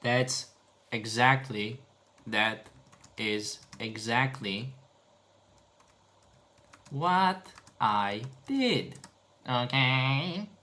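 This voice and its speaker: A man's voice: medium pitch, lively intonation, very slow, pauses often, bright, forceful tone. A man talking to himself while editing video, muttering and swearing in exasperation. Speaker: video editor streaming his work.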